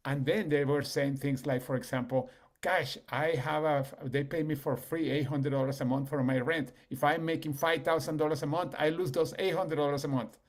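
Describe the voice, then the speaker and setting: Animated man telling stories, gravelly. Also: normal speed. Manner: animated, acts out quoted people with rising pitch. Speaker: business leader. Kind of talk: storytelling in a business call.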